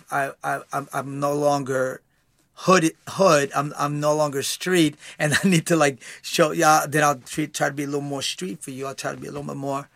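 A man guest in a casual conversation, talking in an animated way with many repeated words and restarts. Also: on the high side, creaky, no room sound.

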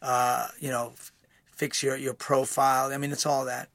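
A man guest in a casual conversation, talking in an animated way with many repeated words and restarts. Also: mid-range voice, moderate pace, dry recording.

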